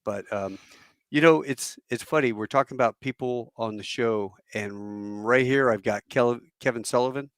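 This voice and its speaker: In clean studio sound with no room sound, a fifties-aged former Marine pilot who hosts a podcast spins rambling stories and animatedly performs the voices of those he quotes. He speaks at a medium pitch and moderate pace in casual chat.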